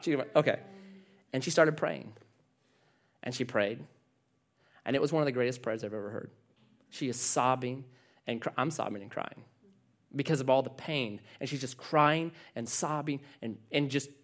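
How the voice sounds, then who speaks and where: A man's voice: mid-range voice, lively intonation, moderate pace, long pauses, a bit bright. A man preaching a sermon, telling a story with quoted dialogue in an earnest manner. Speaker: pastor.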